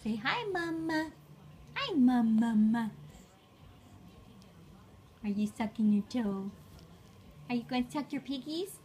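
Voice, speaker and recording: A woman's voice: fairly high pitch, expressive, slow pace, pauses often, warm tone, slight background noise. A woman talking baby talk to an infant, coaxing and repeating words in a sing-song way. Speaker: caregiver filming a baby.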